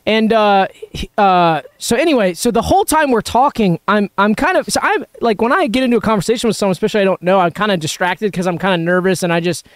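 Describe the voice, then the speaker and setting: A man's voice: sits high, expressive, quick pace, no room sound. A man hosting a casual livestream outdoors at a backyard cookout, telling rambling stories with lots of restarts. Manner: rambling storyteller, many restarts. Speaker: host.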